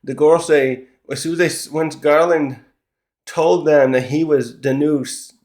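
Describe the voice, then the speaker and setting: A man's voice: on the high side, steady tone, measured pace, darkish tone. A man giving a casual recap commentary of a comic chapter, rambling and often correcting himself. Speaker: manga chapter reviewer.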